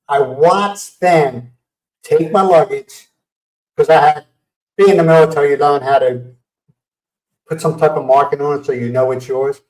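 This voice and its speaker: Animated man telling stories, roomy distant sound. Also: fairly high pitch. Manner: animated storyteller acting out quotes. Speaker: livestream host. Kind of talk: casual storytelling chat. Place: home livestream setup.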